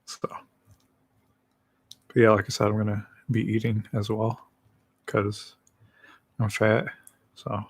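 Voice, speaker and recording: A man's voice: lowish voice, completely flat delivery, takes it slowly, long pauses, husky, no echo. A man chatting casually on a livestream, rambling in a laid-back way and laughing easily.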